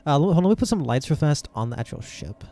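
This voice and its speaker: A man's voice: fairly high pitch, big pitch swings, quick pace, warm tone, no room sound. Rambling male game master, dry sound. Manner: rambling, lots of fillers and restarts. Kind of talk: narrating a tabletop game.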